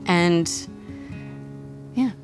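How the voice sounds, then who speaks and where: A woman's voice: fairly low pitch, drawn-out words, over loud music. A woman from Texas, a voice actress, chatting animatedly over a meal as a guest in a studio kitchen and laughing often. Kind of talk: casual interview over a meal.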